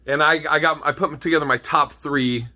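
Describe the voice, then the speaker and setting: A man's voice: fairly high pitch, steady tone, a little fast, pushed and bright. A man telling comedic stories to camera, swearing freely and laughing at his own jokes.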